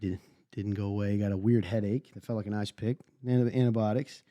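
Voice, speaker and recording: Hoarse, drowsy man clearing his throat. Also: fairly low pitch, fairly even intonation, brisk, mellow, dry recording. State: hoarse from a sinus illness. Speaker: podcast co-host. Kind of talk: casual chat.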